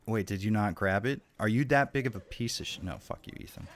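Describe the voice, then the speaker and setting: Swearing his way through a horror game, a young streamer gives live commentary and taunts the enemies with profane, playful trash talk. He speaks quickly in a fairly low voice.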